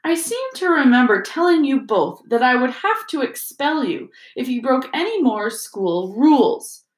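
A woman voicing a kindly old male wizard headmaster who speaks gently and calmly, in a roomy echoing recording. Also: high-pitched, measured pace, pitched above the performer's own voice. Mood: wry. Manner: gentle, calm, softly twinkling. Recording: roomy echo.

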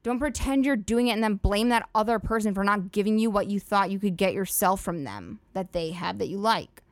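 A woman's voice: medium pitch, lively intonation, fairly quick, no echo. A woman hosting a solo comedy podcast, rambling and swearing freely with lots of "like" fillers. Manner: profane, rambling, filler-heavy "like" talk. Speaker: podcast host.

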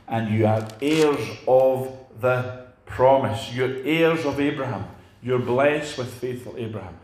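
A man's voice: mid-range voice, darkish tone, reverberant. An older man preaching a sermon in a conversational way, putting rhetorical questions to his congregation.

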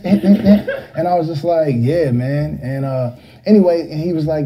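A man's voice: on the high side, moderate pace, mellow, rough recording. A middle-aged man, a rapper, casually telling a rambling story full of fillers, now and then mimicking other voices.

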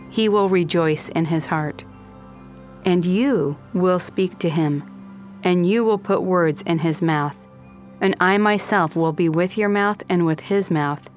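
A woman giving a plain, steady, measured reading of scripture. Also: on the low side. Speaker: scripture reader.

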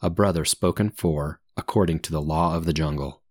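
A man's voice: a bass voice, a little fast, a little mellow, dry recording. A man voicing a dignified old male wolf leader who speaks solemnly and pleads for the boy.

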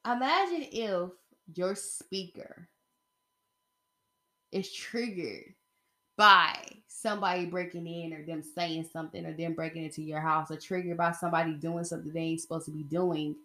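A woman's voice: lowish voice, steady tone, measured pace, pushed and bright. A woman talking in a casual opinion vlog, rambling and emphatic as she speaks straight to her viewers. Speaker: vlogger.

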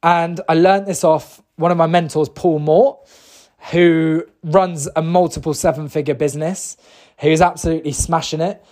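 A man from the UK with a slightly higher-pitched voice tells a personal story, chatty and enthusiastic. He stumbles, restarts and fills gaps with "um" as he goes. He then steers it toward a motivational message about goals. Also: fairly even intonation, normal speed, a little mellow. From United Kingdom. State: briefly emotional. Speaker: motivational speaker. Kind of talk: casual storytelling and motivational talk.

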